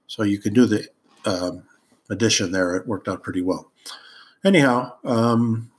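A man hosting a podcast, telling a childhood story in a rambling, amused way with many ums and uhs. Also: on the low side. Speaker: podcast host. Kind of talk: casual storytelling monologue.

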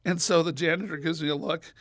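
A man with a fairly high voice tells a long funny story as a radio guest, and he is lively and animated. He acts out the people in the story with sudden jumps up in pitch. The sound is dry and close, with no room around it. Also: fast talker, dry recording.

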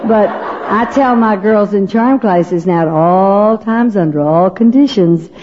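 Woman, middle-aged, funny animated storyteller on a lo-fi tape. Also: medium pitch, slow, background noise. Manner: animated, laughing, acts out voices. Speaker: speaker at a women's gathering. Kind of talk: humorous storytelling talk to an audience. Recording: dull lo-fi recording.

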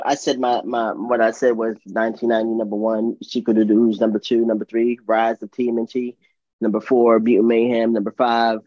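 A man's voice: medium pitch, a little mellow, no room sound. A man hosting a casual podcast chat, enthusiastic, laughing often and restarting his sentences. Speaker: podcast host. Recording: dull, dry lo-fi sound.

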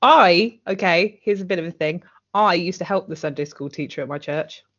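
A woman's voice: lowish voice, normal speed, fairly bright tone. Blunt, sweary woman. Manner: blunt, sweary, laughs often, acts out quotes. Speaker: podcast co-host recapping a TV drama. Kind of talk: casual chat. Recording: dull lo-fi audio.

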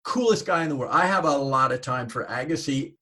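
A man hosting an interview, chatting casually and telling a quick anecdote with sound effects. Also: medium pitch, expressive, pushed and bright. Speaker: podcast host, interviewer.

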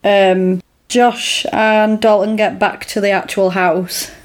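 A woman's voice: mid-range voice, slow pace. Woman animatedly retelling a story. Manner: animated retelling, acting out lines with laughs. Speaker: podcast co-host recapping a film. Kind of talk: casual chat.

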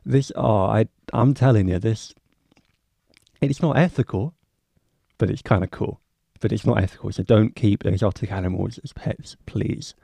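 Young male podcast host, gravelly and mellow, loose rambling monologue with plenty of swearing, dry close-mic sound. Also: lowish voice, moderate pace, no echo. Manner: rambling, swears freely, self-mocking asides. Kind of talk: casual solo podcast monologue.

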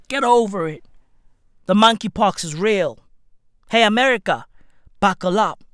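A comedic host ranting profanely, with slang and repeated "bruv", swinging between shouting and muttering. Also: medium pitch, lively intonation, a little slow, pauses often, no room sound, clean studio sound. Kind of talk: comedic rant.

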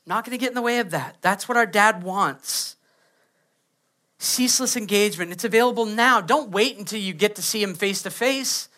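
Bright-voiced pastor preaching playfully. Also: male voice, high voice, moderate pace. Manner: playful, acts out quoted kids and prayers. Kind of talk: sermon.

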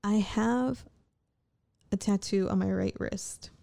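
A woman vlogging in a loose, late-night ramble. Her voice is mellow and dark with a gravelly fry running through it. She talks frankly, swears often and keeps restarting her sentences as she thinks aloud. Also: mid-range voice, fairly even intonation, takes it slowly. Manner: candid, profane, rambling with frequent restarts.

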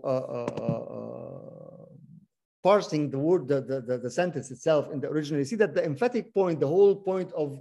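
A man's voice: on the high side, warm tone. A man leading a Bible study, teaching interactively, often repeating words and asking the group questions.

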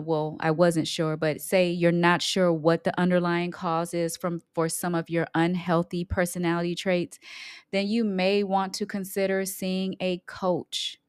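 A middle-aged woman, an emotional intelligence coach, talking on her own podcast, unhurried, repeating her points for emphasis. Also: lowish voice, smooth, dry recording. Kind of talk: solo podcast talk.

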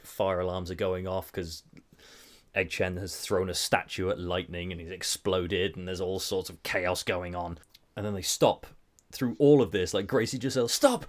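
A young man casually talking through film scenes on a podcast, chatty with quick asides. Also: low voice. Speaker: podcast host.

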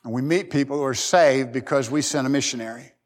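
A middle-aged man preaching a sermon as pastor, folksy and joking, with lively swings in pitch and loudness. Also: quick pace.

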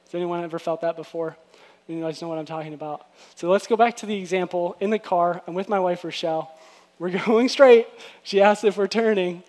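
Casting: male pastor, high voice, chatty sermon delivery with animated quoted asides. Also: a little fast. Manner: conversational, animated in acted-out quotes.

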